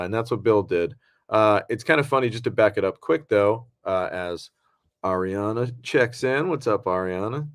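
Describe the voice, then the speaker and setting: Rambling man, low voice. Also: no echo, studio quality. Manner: rambling, loose, with many fillers and restarts. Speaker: podcast co-host. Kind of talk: casual podcast talk.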